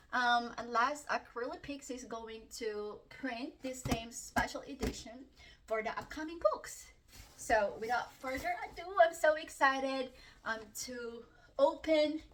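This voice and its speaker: A chatty woman filming an unboxing at home, her fairly high voice gushing and gasping with excitement between plenty of fillers. She talks at an unhurried pace. The mic sits a little away from her, with a faint hiss of noise behind. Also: distant mic. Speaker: book vlogger. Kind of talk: casual unboxing vlog.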